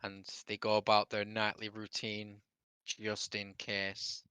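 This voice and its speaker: Male game master, rambling casual narration, bright tone. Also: fairly low pitch, monotone, slow pace, smooth, no room sound. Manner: loose, rambling narration with fillers and laughter.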